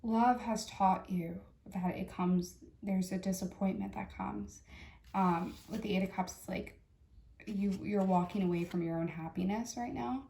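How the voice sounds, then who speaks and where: A woman giving a casual tarot reading in a chatty, halting way, full of fillers and restarts. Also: medium pitch, creaky, dark tone, echoey room. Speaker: tarot reader.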